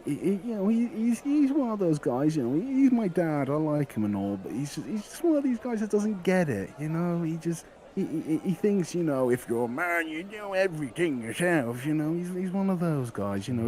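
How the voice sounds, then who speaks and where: A man's voice: a little high, big pitch swings, moderate pace, few pauses, dark tone, voice pushed up. A man voicing a nervous, gangly teenage butcher's son who rambles and stammers. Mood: eager.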